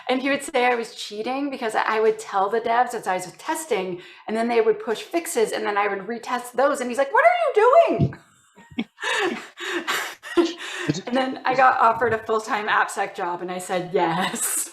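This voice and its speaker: A woman from Canada, a guest chatting casually in an interview and telling stories with lively acted-out quotes. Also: a little high, normal speed, hardly any pauses, roomy sound, slight background noise. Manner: animated storytelling, acting out quoted voices.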